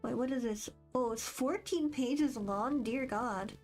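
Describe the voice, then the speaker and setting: A woman's voice: fairly high pitch, unhurried, a little mellow. A young woman streaming, chatting casually and rambling as she reads quiz questions aloud with a bubbly, self-deprecating manner. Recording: faint background music.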